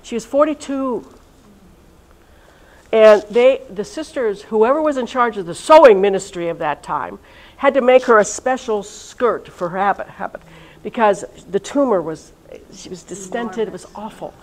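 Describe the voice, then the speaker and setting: A woman, a religious sister, leading a reunion session in a chatty, lively way and talking straight to her audience. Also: medium pitch, moderate pace, low-quality recording. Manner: chatty and lively, talks directly to listeners. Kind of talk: informal talk to a live audience. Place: college event room.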